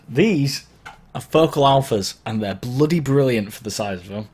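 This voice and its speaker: A man's voice: mid-range voice, expressive, moderate pace, a little mellow, husky. A man hosting a live question-and-answer stream as a DJ, casual and encouraging, his throat sore from hay fever. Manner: chatty and encouraging, wanders and self-corrects. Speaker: DJ and online Q&A host. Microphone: mic placed below the camera.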